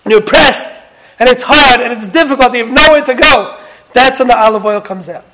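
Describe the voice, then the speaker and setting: A man's voice: extremely high pitch, fairly quick, noisy background. A man giving a sermon-style Torah lesson, emphatic and full of rhetorical questions, telling stories with dramatic repetition. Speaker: Torah teacher.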